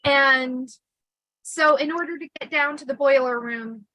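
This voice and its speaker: A woman hosting a casual storytelling livestream, chatty and animated with lots of fillers. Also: high-pitched, measured pace, no echo, rough recording. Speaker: host.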